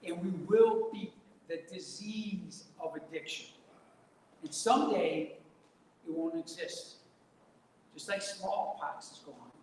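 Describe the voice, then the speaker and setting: A mayor giving a folksy, emphatic speech at a community event. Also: male voice, fairly high pitch. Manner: folksy, emphatic, repetitive rallying. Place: large indoor event hall. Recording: very echoey hall, some noise.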